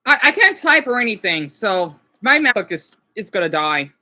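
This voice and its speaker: A woman's voice: medium pitch, big pitch swings, normal speed, pushed and bright. A woman vlogger ranting casually, frustrated and swearing at her laptop.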